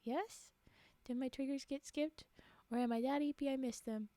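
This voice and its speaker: A woman's voice: sits high, steady tone, normal speed, warm tone, dry recording. A woman streaming live from a home setup on a desk microphone, chatting casually, giggling often and poking fun at herself. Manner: giggly, rambling, self-mocking.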